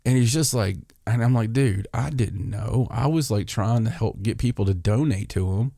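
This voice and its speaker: Low-voiced man telling a story. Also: fairly quick, creaky, no echo, clean studio sound. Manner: animated, acts out both sides of an argument. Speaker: podcast host. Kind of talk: casual storytelling chat.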